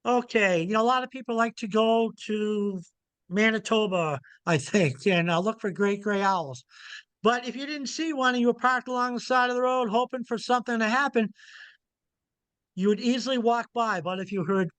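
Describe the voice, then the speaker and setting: A man's voice: sits high, moderate pace, a bit bright, clean tone, no echo. A middle-aged man, an owl researcher, giving a casual, folksy online lecture that keeps returning to its key points. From Montana. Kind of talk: informal illustrated lecture.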